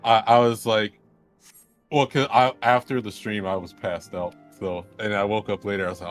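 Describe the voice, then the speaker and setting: A man's voice: fairly low pitch, little pitch movement, normal speed, soft background music. A man chatting casually with friends on a stream, rambling through stories and laughing often. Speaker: streamer co-host. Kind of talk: casual group chat.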